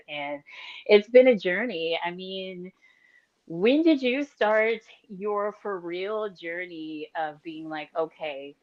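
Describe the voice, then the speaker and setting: A woman's voice: low-pitched, lo-fi sound. A woman co-hosting a casual faith podcast, talkative and laughing often as she chats with her friend. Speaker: podcast co-host.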